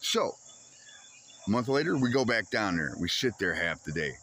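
A man's voice: lowish voice, moderate pace, slight background noise. A man casually telling a frustrated story on his homestead vlog, swearing freely and acting out back-and-forth exchanges. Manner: animated, swears freely, acts out quoted exchanges. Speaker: homesteading vlogger.

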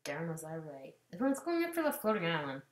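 A woman giving casual gameplay commentary, swinging between loud outbursts and muttered asides. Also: sits low, sing-song, fast, roomy sound. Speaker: gamer commentator.

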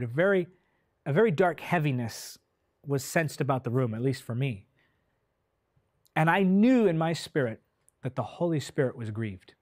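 A man's voice: medium pitch, no echo. Impassioned preacher man, dry close sound. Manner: impassioned, swells loud then drops soft; slow, drawn-out delivery when stressing key words. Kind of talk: sermon.

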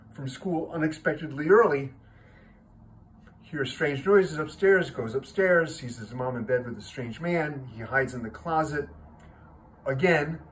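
A man's voice: medium pitch, a bit bright, a little hiss or hum, poor audio. A man in his sixties at home, casually telling a joke to his viewers with a self-amused chuckle. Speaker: joke teller.

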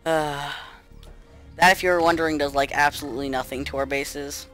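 A man talking through a strategy game he is playing, in a flat, monotone delivery with dry sarcasm. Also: on the high side, brisk, faint music behind. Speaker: gaming YouTuber. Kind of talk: casual gameplay commentary.

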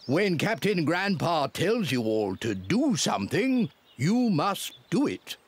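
Bossy old cartoon pig captain, swooping booming voice, unhurried, music behind. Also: male voice, sing-song, slightly rough, heavily acted. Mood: proud. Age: older. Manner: bossy, boisterous commands. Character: jolly old male pig sea captain. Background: background music.

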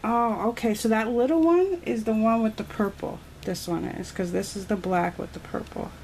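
A woman's voice: medium pitch, moderate pace, vocal fry, a little mellow. A woman vlogger chatting casually as she shows off a nail-art haul, gushing and thinking aloud. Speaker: beauty vlogger. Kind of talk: casual unboxing chat. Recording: noisy home recording.

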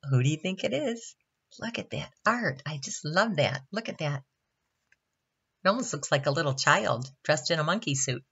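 A woman's voice: low voice, animated, normal speed, a bit bright, slightly rough, muffled recording. A woman reading a picture book aloud to children at a Bible camp, stopping often to ask the listener questions. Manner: chatty asides asking the listener questions.

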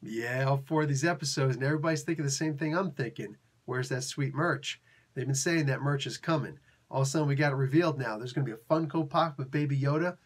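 A man hosting a casual comic book review, talking in an excitable, rambling, slangy way. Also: medium pitch, fast talker, slightly rough.

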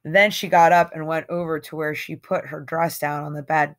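A woman's voice: low-pitched, steady tone, moderate pace, few pauses. Woman reading a novel aloud, casual. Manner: casual, conversational storytelling with occasional slips. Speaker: audiobook reader.

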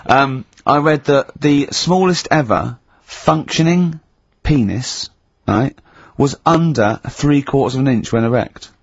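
Husky, teasing male radio host. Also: measured pace, no echo, dull audio. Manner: teasing, bursts into high laughter. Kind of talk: comic radio banter.

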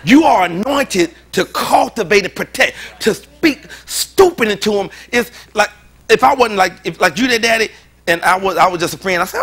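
A male pastor delivers a sermon with a high, lively voice that leaps up and down. He jokes and laughs easily and talks in loose, everyday speech. His tone is bright and ringing. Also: brisk, breathy edge. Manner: animated, joking preaching with laughs; informal, colloquial speech.

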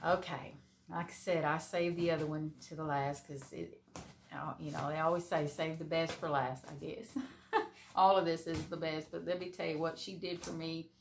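A woman's voice: deep voice, level tone, normal speed, a little hiss or hum. A middle-aged woman, gushing with emotion as she talks casually to camera about a gift, laughing often. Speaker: crochet vlogger.

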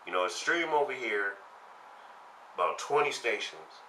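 A man giving a casual spoken recap of a fighting game tournament, slangy and animated, getting loud and heated as he retells it. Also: fairly low pitch, moderate pace, a little hiss or hum, rough recording.

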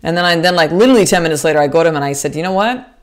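A woman's voice: sits low, racing. Candid, swearing woman podcast host. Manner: candid, swears freely, restarts sentences; earnest and motivational, addresses listeners as sister. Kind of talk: casual podcast monologue.

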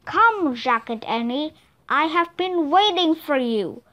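A woman voicing a gruff, one-eyed giant wizard who booms slowly and speaks with scorn in a storybook reading. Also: sing-song, pushed and bright, heavily acted. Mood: booming. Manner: booming, slow, commanding.

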